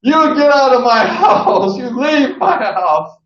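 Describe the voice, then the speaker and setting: A man voicing an angry older man who shouts at a teenager to leave his house. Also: very high voice, sing-song, takes it slowly, roomy sound, highs cut off, pitched above the performer's own voice, heavily acted. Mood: indignant. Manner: shouting, indignant. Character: angry older man throwing out a party crasher.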